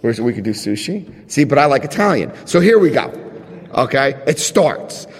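Animated man telling his story in a reverberant hall. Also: mid-range voice, normal speed, breathy edge. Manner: animated, retells dialogue with emphasis. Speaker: speaker at a recovery meeting. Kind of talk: sharing story and reading aloud at a meeting.

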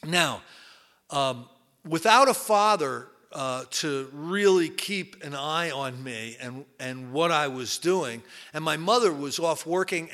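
A man from New Jersey shares his story at a recovery meeting. His voice sits high and sounds bright and forceful. He talks candidly and rambles, with plenty of fillers and repeated words. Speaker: recovery speaker. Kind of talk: personal testimony talk.

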